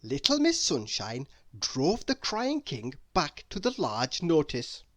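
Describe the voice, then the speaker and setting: A woman narrating a children's bedtime story aloud, slow and expressive. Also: deep voice, no room sound.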